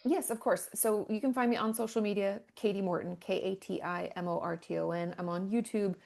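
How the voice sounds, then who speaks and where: Gravelly, candid woman therapist. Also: medium pitch, steady tone, fairly quick, darkish tone. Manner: candid, chatty, many filler words. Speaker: therapist guest. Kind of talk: casual podcast chat.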